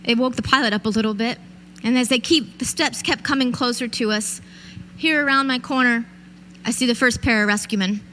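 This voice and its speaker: High-voiced woman telling her story. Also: a little fast, sharp tone, a little hiss or hum. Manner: vivid storytelling, addresses audience directly. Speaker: keynote speaker. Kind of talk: motivational speech. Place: event stage.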